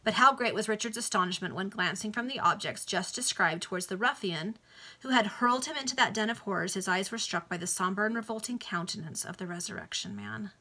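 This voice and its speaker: A woman's voice: mid-range voice, brisk, pushed and bright. A woman casually reading a classic novel aloud over a video call, stopping to explain the text in chatty asides. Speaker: reader.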